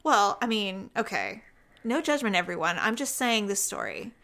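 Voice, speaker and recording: A woman in casual chat, telling animated stories and swearing freely. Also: mid-range voice, moderate pace, a loud crowd.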